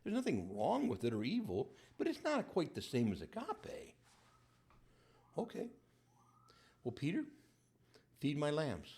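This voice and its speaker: A man's voice: fairly high pitch, huge pitch swings, a little slow, long pauses, darkish tone, slightly rough. A male priest giving a conversational sermon, acting out the dialogue as he goes.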